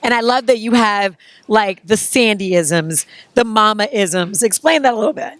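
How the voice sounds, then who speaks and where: A woman's voice: mid-range voice, unhurried, no room sound. Gushing woman interviewer, dry sound. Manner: effusive, gushing. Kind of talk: casual enthusiastic interview.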